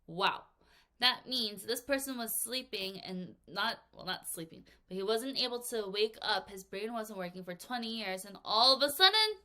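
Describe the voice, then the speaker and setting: A woman teaching English vocabulary to children, reading examples aloud and acting out little scenes in playful voices. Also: on the high side. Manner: lively, acts out little examples in silly voices and whispers. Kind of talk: vocabulary lesson for kids.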